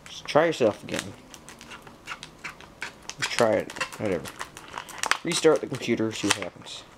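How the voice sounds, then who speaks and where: A man's voice: lowish voice, lively intonation, moderate pace, vocal fry, background noise. A young man narrating an unboxing at home, rambling and talking to himself and the computer, getting frustrated while it loads. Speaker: tech vlogger. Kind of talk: casual unboxing commentary.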